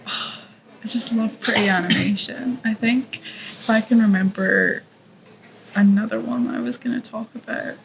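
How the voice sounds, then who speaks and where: Gushing woman with a gravelly edge. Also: fairly high pitch, steady tone, background noise. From Scotland. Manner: gushing, effusive, quick laughs. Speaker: podcast co-host. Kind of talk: casual chat.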